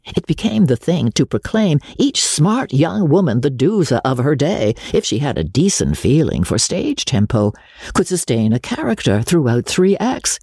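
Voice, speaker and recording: A woman with a husky voice narrating a novel in a measured, expressive way. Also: low-pitched, dry recording, studio quality. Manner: measured, expressive literary reading. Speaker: audiobook narrator. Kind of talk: scripted narration.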